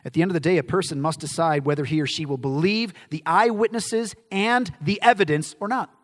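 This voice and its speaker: Male pastor, sermon, high and lively voice, rhetorical questions, long hall echo. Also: fairly quick. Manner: animated, acts out quoted voices, emphatic questions and answers.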